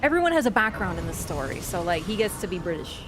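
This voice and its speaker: A young woman in her twenties from Canada, casually telling a long story while gaming, chatty and animated with frequent laughter. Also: on the low side, fast, background noise. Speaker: gaming streamer. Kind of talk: casual storytelling over gameplay.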